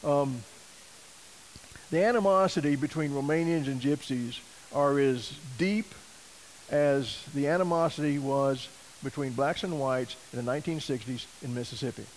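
A man preaching a sermon, telling a story in a folksy, animated way and acting out quoted voices. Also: medium pitch, normal speed, slight background noise, poor audio. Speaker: missionary preacher.

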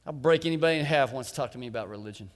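A man voicing a gruff, blunt male ironworker in a lower, quieter voice within a sermon. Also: rapid-fire, in a large hall, lightly acted.

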